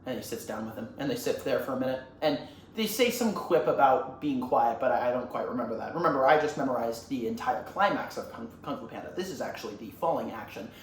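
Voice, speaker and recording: A man's voice: mid-range voice, fast. Rambling, swearing young man. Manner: rambling, swears a lot, animated. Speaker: YouTuber. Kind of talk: casual comedic movie retelling. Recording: roomy echo, faint ambient noise.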